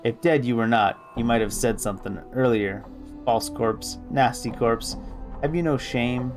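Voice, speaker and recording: A man's voice: mid-range voice, a little slow, faint music behind, lightly acted. A man voicing a grumpy old woman seamstress in a video game, muttering to herself in a sing-song way. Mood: muttering, cranky.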